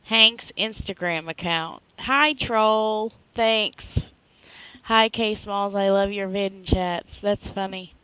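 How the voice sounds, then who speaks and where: A woman's voice: medium pitch, slow, smooth, no echo, rough recording. A middle-aged woman, hosting a live stream and chatting casually as she retells a story, often checking in with listeners. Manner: chatty, animated retelling with frequent "right?".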